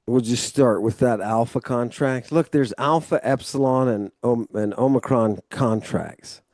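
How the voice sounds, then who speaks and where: A man tutors one student in a relaxed, explanatory way, walking through each point and checking in with a quick "right?" His voice is warm and mellow, sitting in the middle of the male range. The recording is close and dry. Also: medium pitch, dry recording. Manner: casual and loose, with mild swearing. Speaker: Ancient Greek tutor. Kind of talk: one-on-one language lesson.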